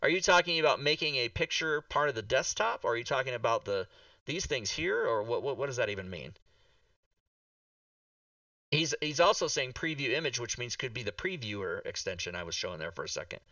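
A man's voice: mid-range voice, animated, brisk, sharp tone, no echo, distant mic. A man hosting a casual talk show livestream, exasperated and swearing, with many restarts.

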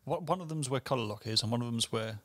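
A man co-hosting a studio podcast, chipping in with quick, wry remarks in casual chat. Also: mid-range voice, no echo. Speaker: podcast co-host.

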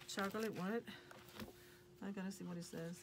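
A woman's voice: medium pitch, fairly even intonation, moderate pace, vocal fry. A woman, hosting a craft channel and gushing over the crafting supplies she unboxes. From Puerto Rico. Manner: gushing, enthusiastic. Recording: noticeable background noise.

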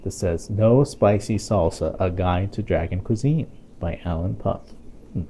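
A man reading a picture book aloud to a child, playful and expressive, with chatty asides to his young listener. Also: low voice, unhurried, a little hiss or hum. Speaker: storytime reader.

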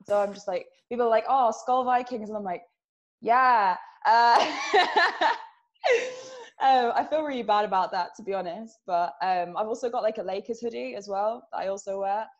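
A woman's voice: medium pitch, normal speed. A young woman from England with a British accent, chatting as a podcast guest and laughing often between her sentences. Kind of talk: casual interview chat. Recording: muffled lo-fi audio.

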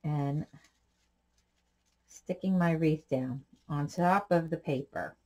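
A woman's voice: low-pitched, slow pace, a little mellow. A woman hosting a casual crafting tutorial, talking in a chatty, rambling way with side stories while she works. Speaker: craft channel host.

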